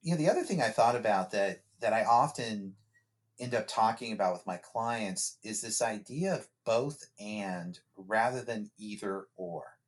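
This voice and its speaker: A man's voice: fairly low pitch, lively intonation, measured pace. A man who works as a therapist, a guest on a podcast, speaking in a reflective, conversational way with frequent restarts and repeated words.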